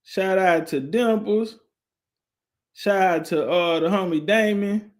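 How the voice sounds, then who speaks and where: A man hosting a live stream, talking loosely and shouting out viewers. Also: high voice, takes it slowly. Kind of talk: casual live-stream talk.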